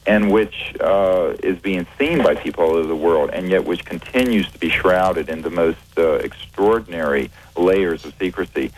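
Very deep-voiced man with halting speech. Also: husky, poor audio. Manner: measured, hesitant, many fillers and restarts. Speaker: guest, researcher. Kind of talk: radio interview.

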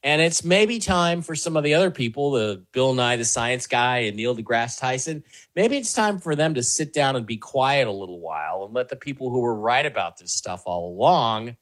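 A man's voice: mid-range voice, animated, moderate pace, few pauses, a bit bright. A man as a talk show guest, answering questions earnestly in a rambling way, with many fillers and restarts. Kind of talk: conversational interview answers.

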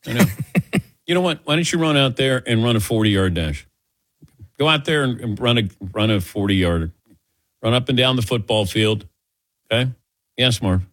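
A man's voice: medium pitch, expressive, moderate pace, pauses often, fairly bright tone, dry recording, studio quality. A man hosting a sports talk radio show, chatting casually and teasing his co-hosts.

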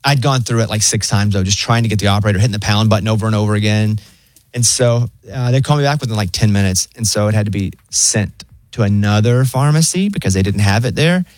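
A man's voice: fast talker, no room sound. A young adult man co-hosting a casual talk show, telling stories and mimicking voices. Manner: animated storyteller, mimics voices in high pitch. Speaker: co-host. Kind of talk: casual chat.

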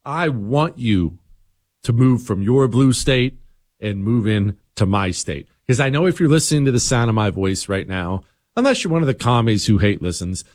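A man's voice: medium pitch, a little mellow, no room sound. Middle-aged guy doing talk radio, sarcastic teasing tone, super dry close sound, no room at all. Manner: sarcastic, teasing, mock-confiding asides. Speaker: talk show host.

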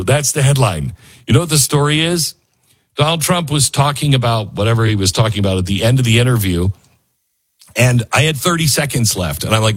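Man, radio host, lively swooping delivery, husky, rambling, self-mocking. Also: medium pitch, fairly quick. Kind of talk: talk radio with live ad reads.

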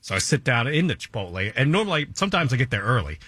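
A man's voice: medium pitch, very animated, quick pace, sharp tone, slightly rough. A male radio co-host telling a self-mocking story in casual studio banter, laughing often.

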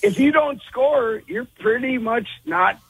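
A man from Minnesota calling into a sports radio show, hoarse after losing his voice, rambling and hesitant. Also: very high voice, measured pace, a bit bright, poor audio. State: hoarse, lost voice. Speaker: radio caller. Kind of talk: call-in talk radio.

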